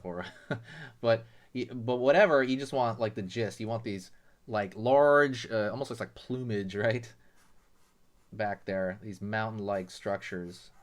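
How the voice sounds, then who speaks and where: A man hosting a drawing lesson, talking casually and explaining each step with lots of "you know" and "right". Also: on the low side. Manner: relaxed, chatty, many fillers like "you know" and "right". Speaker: drawing tutorial host.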